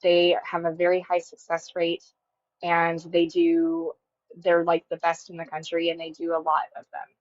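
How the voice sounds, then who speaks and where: A woman calling in to a livestream, chatting casually in a calm, steady, matter-of-fact way. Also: on the low side, moderate pace, no echo. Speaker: caller on a livestream. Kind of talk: casual chat. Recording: dull, dry call-in audio.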